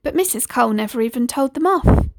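A woman's voice: high voice, animated, fast, vocal fry, darkish tone, a little hiss or hum. Woman reading a children's story. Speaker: storybook reader.

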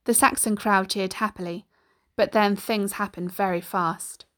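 A woman narrating a storybook aloud, steady and expressive. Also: medium pitch, a little slow.

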